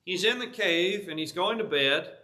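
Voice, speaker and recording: Brief: male preacher, high and bright, casual storytelling sermon in a church. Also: lively intonation, normal speed. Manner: conversational storytelling with vivid retelling.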